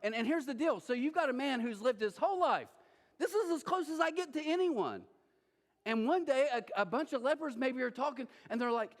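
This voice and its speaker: A male pastor preaching a sermon in an animated, joking way, acting scenes out with a volunteer in a church auditorium. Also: very high voice, brisk. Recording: long reverb of a large church hall.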